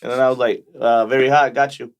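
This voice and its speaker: A man's voice: medium pitch, flat delivery, fast, smooth. A young man co-hosting a casual podcast, telling rambling work stories with frequent restarts. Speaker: podcast co-host. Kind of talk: casual chat.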